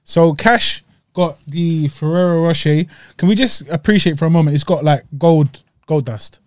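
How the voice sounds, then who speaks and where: A man's voice: on the high side, moderate pace, darkish tone, dry recording, clean studio sound. Slangy young man, chatty. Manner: chatty, slangy, eating while talking. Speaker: podcast co-host. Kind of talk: casual chat.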